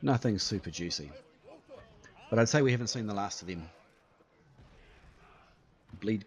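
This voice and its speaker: A man talks through his gameplay as it happens, chatty and playful, tossing in little sound effects. His pitch swings widely and his delivery stays lively. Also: a little slow, long pauses, highs cut off. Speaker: gaming YouTuber. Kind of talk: live gameplay commentary.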